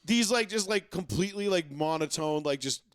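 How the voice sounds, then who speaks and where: Male sports podcast co-host, rambly storyteller, lively pitch, dry booth sound. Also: fairly quick, dry recording. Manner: rambling, filler-heavy storytelling. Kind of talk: casual sports talk.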